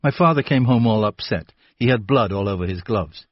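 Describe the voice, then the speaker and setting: Mocking teenage boy suspect, put on by a male audiobook reader, higher than his own voice, dull dry sound. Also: expressive, brisk, dry recording. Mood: scheming. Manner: sneering, mocking.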